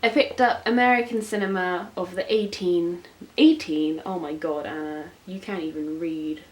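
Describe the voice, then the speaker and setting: A woman's voice: lowish voice, steady tone, moderate pace, rough recording. A 19-year-old woman chatting casually as a book vlogger, gushing and self-mocking, with lots of filler words. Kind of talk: casual chat. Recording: faint hiss.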